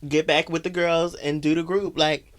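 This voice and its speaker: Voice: mid-range voice, little pitch movement, normal speed. Sassy, profane movie-recap podcaster. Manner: sassy, profane, mocking, laughs often. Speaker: podcast host.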